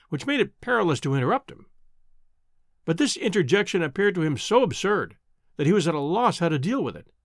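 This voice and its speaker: A man narrating a classic novel in a measured, expressive audiobook style. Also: a little high, dry recording, clean studio sound. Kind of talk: audiobook storytelling.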